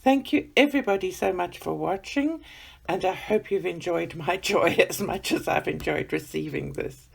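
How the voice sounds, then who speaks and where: A woman chatting excitedly as she unboxes gifts for her vlog, gushing and gasping with delight. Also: lowish voice, normal speed, creaky, breathy edge.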